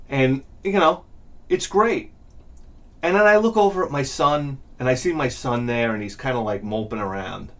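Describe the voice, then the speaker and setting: A man's voice: medium pitch, moderate pace. A middle-aged man, telling a profane, exasperated story as a vlog host. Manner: profane, exasperated, animated ranting. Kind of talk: ranting comedic storytelling.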